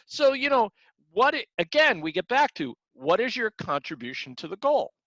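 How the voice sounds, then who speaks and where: Leading a martial arts class, the man delivers an earnest motivational talk, acting out examples and repeating his words. His voice sits high and sing-song, fairly bright, at a moderate pace and free of echo, captured in dull lo-fi sound.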